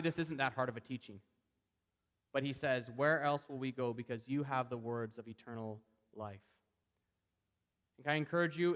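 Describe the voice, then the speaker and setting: Animated man preaching in a reverberant hall. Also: medium pitch. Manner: conversational, animated retelling with quoted voices. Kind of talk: sermon.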